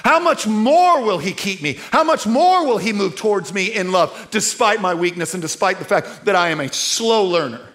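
A man's voice: sits high, very animated, normal speed, few pauses, fairly bright tone. A middle-aged man preaching a sermon in a conversational way, asking his listeners rhetorical questions. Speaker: pastor.

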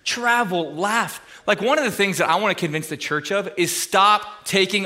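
A man's voice: sits high, normal speed, hardly any pauses, sharp tone. A young man preaching a sermon to his church in a casual, conversational way, full of fillers and asides. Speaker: pastor.

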